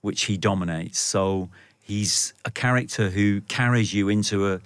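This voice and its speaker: A man's voice: fairly low pitch, moderate pace, no echo. A middle-aged man guesting on a radio show, talking at length in a reflective, storytelling way. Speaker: film director guest. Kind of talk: radio interview.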